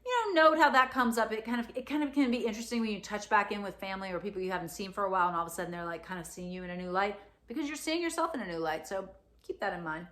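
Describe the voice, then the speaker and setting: A woman's voice: medium pitch, animated, rapid-fire, a bit bright. A woman astrologer giving a casual spoken forecast, chatty, with many fillers and "right?" asides.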